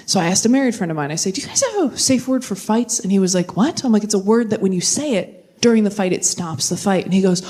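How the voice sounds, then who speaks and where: Animated young woman doing stand-up. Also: fast talker, slightly rough. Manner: animated, jumps into high-pitched character voices. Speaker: stand-up comedian. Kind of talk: stand-up set. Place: comedy club stage with audience laughter.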